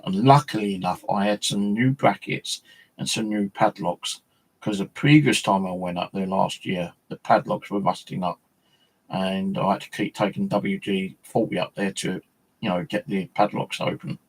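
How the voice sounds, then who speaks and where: A middle-aged man talks casually with a gravelly, husky voice. His pitch sits low, and he rambles through a story with plenty of swearing and filler words. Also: rough recording.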